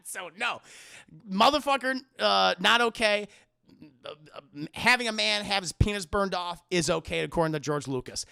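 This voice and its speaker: A man giving casual livestream film commentary, animated and profane, laughing often. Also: sits high, moderate pace, creaky. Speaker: live-streaming film reviewer.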